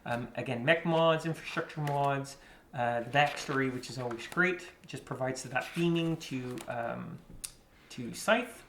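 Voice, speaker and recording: A man's voice: medium pitch, unhurried, a bit bright. Man chatting through a board game unboxing. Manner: chatty, many fillers, rambling asides. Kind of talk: casual unboxing commentary. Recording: echoey room with faint noise.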